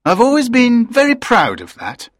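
A man's voice: very high-pitched, wildly swooping pitch, normal speed, dry recording, clean studio sound, heavily acted. A man voicing a proud, enthusiastic production director in his late fifties, in audiobook character dialogue.

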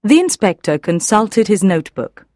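A woman narrating an audiobook in a measured, even reading. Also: mid-range voice, dry recording, studio quality.

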